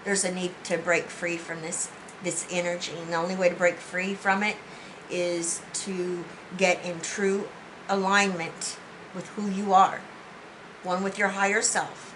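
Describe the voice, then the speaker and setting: A woman's voice: lowish voice, little pitch movement, unhurried, a bit bright, slight background noise, rough recording. A woman giving a spiritual tarot reading, speaking in an earnest, heartfelt way with many restarts. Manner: earnest, heartfelt, often says "you know". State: emotional, near tears. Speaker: tarot reader.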